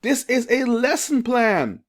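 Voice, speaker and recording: A reading teacher speaking to parents in an educational video, asking questions and slowly sounding out letters and syllables. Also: medium pitch, big pitch swings. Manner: sounds out phonics slowly and asks the viewer questions.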